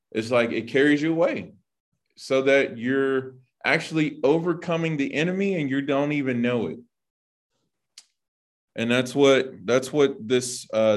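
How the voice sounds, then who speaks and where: A man teaching an informal sermon in a loose, conversational way, full of "like" and "you know". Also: medium pitch. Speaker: Bible teacher.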